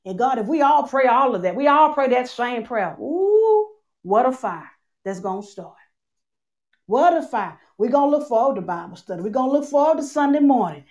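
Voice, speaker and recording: A woman preaching a sermon, calling out to her church and swinging between loud and soft. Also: high-pitched, big pitch swings, normal speed. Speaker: church speaker.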